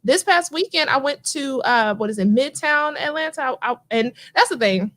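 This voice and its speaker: Chatty Midwestern woman with a high voice. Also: moderate pace. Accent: Midwestern American. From Midwest US (Cincinnati). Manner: chatty, storytelling, animated asides. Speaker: livestream host. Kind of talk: casual livestream chat.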